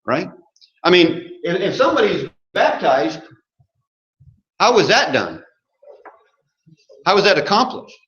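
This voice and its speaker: A man's voice: high-pitched, sing-song, unhurried, long pauses, fairly bright tone. A man preaching an interactive sermon from a church pulpit, asking the congregation questions and joking along the way. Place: church sanctuary. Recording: roomy muffled church recording.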